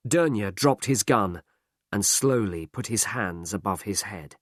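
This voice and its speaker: A man narrating a story aloud in a slow, clear, expressive reading. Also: lowish voice, no echo, studio quality.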